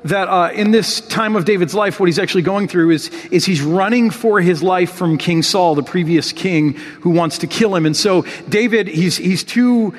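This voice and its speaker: A man's voice: high-pitched, moderate pace, few pauses, long reverb tail. A man preaching a sermon in an earnest, heartfelt way, reading scripture with rising emotion. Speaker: pastor.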